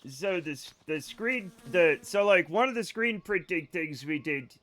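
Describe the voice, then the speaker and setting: A man's voice: high voice, expressive, unhurried, a bit bright. A man livestreaming a game and telling rambling stories in a casual chat, often laughing and correcting himself. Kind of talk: casual storytelling while gaming.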